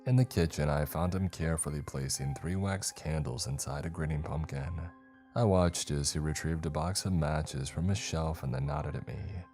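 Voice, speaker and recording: Man, very deep voice, measured horror narration, first-person storytelling, faint background music. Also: a little mellow.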